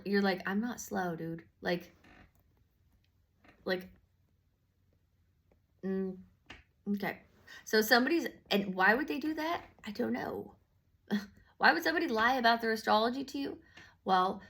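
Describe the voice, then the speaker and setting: A woman's voice: medium pitch, creaky, a bit bright. A woman giving a casual tarot reading, slangy and profane, rambling with lots of fillers and restarts. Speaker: tarot reader.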